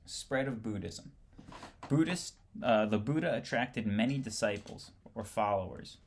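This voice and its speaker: Slow, gravelly man reading a textbook. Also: fairly low pitch, expressive, a little hiss or hum. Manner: halting reading, stumbles and rereads words. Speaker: instructor. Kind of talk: reading a history textbook aloud.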